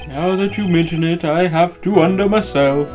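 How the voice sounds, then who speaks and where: A man's voice: a little high, normal speed, music in the background, close to an everyday voice. A man voicing a meek older male judge, hesitant and deferential, in a game fan dub. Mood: dithering.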